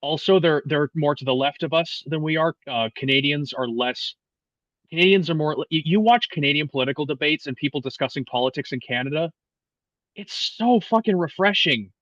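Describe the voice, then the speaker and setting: A man in his twenties, a podcast guest talking politics in a casual, profane, animated way with many restarts. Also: fairly high pitch, a little fast, no echo, highs cut off. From United States. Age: 20s.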